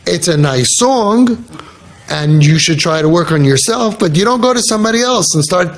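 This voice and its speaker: A man's voice: high voice, animated, moderate pace. Earnest man telling stories to an audience. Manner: earnest, storytelling, with frequent restarts. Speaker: speaker addressing an audience of parents. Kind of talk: conversational talk to a live audience.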